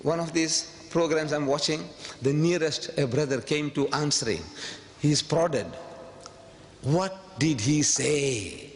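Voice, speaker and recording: Emphatic man lecturing in a reverberant hall. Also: takes it slowly. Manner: emphatic, rhetorical, repeats phrases for effect; swings from quiet asides to sudden high outbursts. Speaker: public speaker. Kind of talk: public lecture to an audience. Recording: long hall reverb, faint background noise.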